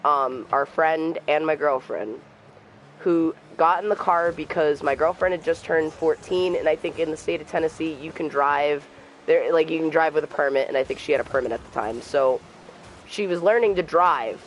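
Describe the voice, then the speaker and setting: A young man streaming a game, telling a personal story in a soft, halting voice and trash-talking the game now and then. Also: fairly high pitch, a little hiss or hum, rough recording. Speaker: gamer streamer. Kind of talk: casual storytelling while gaming.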